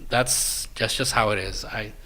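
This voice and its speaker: A man co-hosting a podcast in casual chat, animated and self-mocking, swearing freely. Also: lowish voice, a little slow, a crowd in the background. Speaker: podcast co-host.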